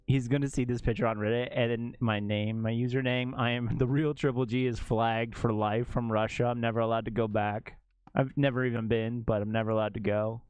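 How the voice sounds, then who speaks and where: A man's voice: medium pitch, flat delivery, a little fast, a little mellow, clear, resonant tone, dry recording. A man streaming, chatting casually while editing photos, joking and laughing often.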